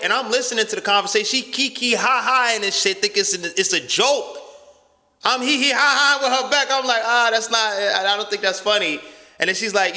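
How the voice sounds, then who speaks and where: A young man hosting a talk show, telling a story in a loud, profane rant and acting out the other voices. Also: high voice, normal speed, long reverb tail. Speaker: podcast host.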